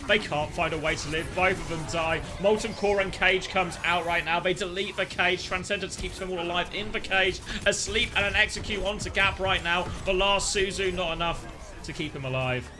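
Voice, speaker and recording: A man casting live esports, shifting between excitable play-by-play and chatty analysis full of fillers. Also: high voice, moderate pace, over music. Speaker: esports caster.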